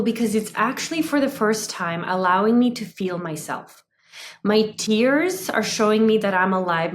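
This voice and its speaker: Over slight background noise, a woman in her thirties speaks at medium pitch as a psychotherapist guest in a conversational interview. Her talk is lively, sprinkled with "like" fillers and frequent laughter.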